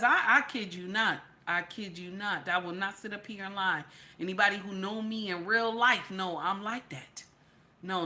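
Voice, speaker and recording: This channel host, a woman, runs a live-stream reaction vlog; she talks emphatically, says things over and over, and sounds tearful from having cried. Her voice is mid-range with a sharp tone.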